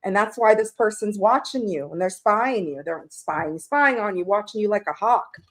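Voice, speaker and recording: A woman's voice: mid-range voice, animated, moderate pace. A woman reading tarot on a casual live stream, chatty and rambling, greeting viewers by name and laughing at her own slips.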